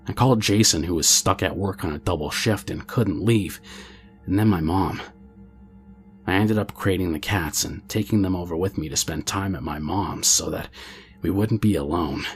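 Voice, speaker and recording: A man reading a true scary story aloud as the channel's narrator, in a steady, low-key way.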